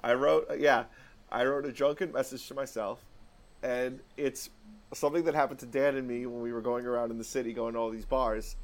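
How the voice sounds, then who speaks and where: Animated man telling a story, swearing. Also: medium pitch, a little fast. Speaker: podcast co-host. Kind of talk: casual podcast chat.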